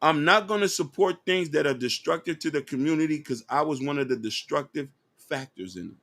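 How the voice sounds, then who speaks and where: A man's voice: on the high side, animated, brisk, a bit bright. A man co-hosting a podcast in casual debate, preachy and insistent as he argues. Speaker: podcast co-host.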